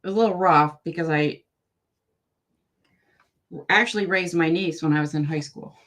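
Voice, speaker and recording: A woman in her fifties with a fairly low voice, reading tarot live for an online audience. She gives blunt, warm-hearted advice and chats easily with viewers between readings. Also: normal speed. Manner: frank, affectionate, direct advice; chatty, asides to viewers. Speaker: tarot reader. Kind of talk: live-stream psychic reading.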